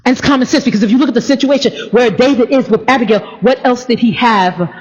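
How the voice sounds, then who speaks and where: A woman preacher giving a sermon, playful and animated, with stammering restarts. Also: fairly high pitch, fast. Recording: dull, echoey hall recording.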